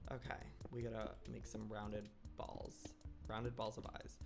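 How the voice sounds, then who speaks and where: A young man in his twenties giving excitable let's-play commentary, dramatic and given to silly exclamations and mock-outraged shrieks. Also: on the low side, measured pace, gravelly, music in the background. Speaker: gaming YouTuber.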